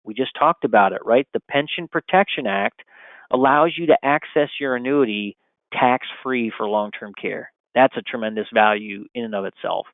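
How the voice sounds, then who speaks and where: A man's voice: medium pitch, normal speed, dry recording. A man giving an upbeat sales presentation to financial advisors, with frequent rhetorical questions. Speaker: insurance product presenter. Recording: dry, phone-like narrow sound.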